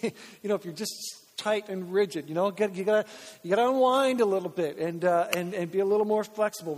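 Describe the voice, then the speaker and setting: A man preaching as a pastor, energetic and repetitive as he urges the congregation on. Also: high-pitched. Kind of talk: sermon. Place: large church sanctuary. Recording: long reverb of a church hall.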